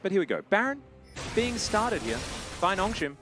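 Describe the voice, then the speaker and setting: A man commentates a competitive video game match on his own, his pitch swinging widely as he talks. He fills gaps with chatty, self-mocking asides and gets loud on big plays. Background music runs steadily under his voice. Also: sing-song, normal speed. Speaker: esports caster. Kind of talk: play-by-play esports commentary.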